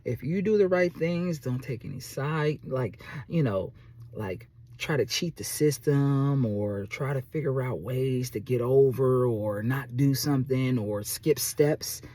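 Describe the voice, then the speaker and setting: A man who runs a small business, telling a story to camera in an animated, chatty way and often checking in with "okay?". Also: mid-range voice, a little slow, no room sound. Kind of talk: casual storytelling vlog.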